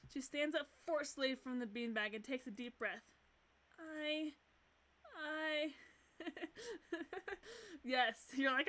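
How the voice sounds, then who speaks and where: A woman streamer reading a visual novel aloud and gushing excitedly between lines, often giggling. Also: high voice, slow pace, long pauses.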